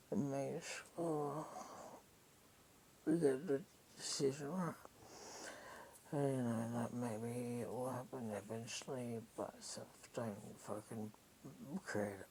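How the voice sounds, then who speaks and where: An Australian woman recounts her story in a slow, unhurried way. Her speech is profane and rambling, full of raw feeling. A faint hiss sits under the recording. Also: extremely low pitch, warm tone, poor audio. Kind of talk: casual storytelling monologue.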